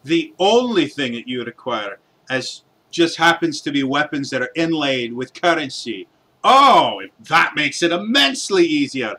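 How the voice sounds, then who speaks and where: A man doing a gruff, sarcastic dwarf smith with a thick accent. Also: medium pitch, animated, moderate pace, few pauses, a bit bright, pitched above the performer's own voice, close to an everyday voice. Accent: put-on thick accent. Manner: sarcastic, exasperated. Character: gruff sarcastic male dwarven blacksmith.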